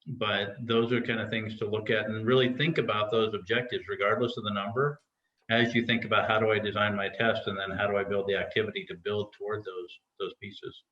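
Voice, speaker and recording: A man facilitating an online faculty workshop. He speaks in a relaxed way and keeps prompting others with questions. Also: on the low side, brisk. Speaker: discussion facilitator. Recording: echoey, slightly dull video-call audio.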